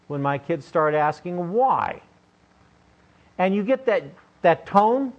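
Older man preaching, chatty and joking, fairly high voice, dull lo-fi recording. pastor type. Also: very animated, slow pace, fairly bright tone. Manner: conversational, joking, asks the listeners questions. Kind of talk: sermon.

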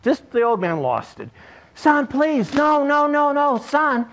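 Exasperated old fisherman, pleading and pitched up, played by a man preaching. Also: very animated, takes it slowly, fairly bright tone, exaggerated voice. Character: flustered old man fishing, impatient.

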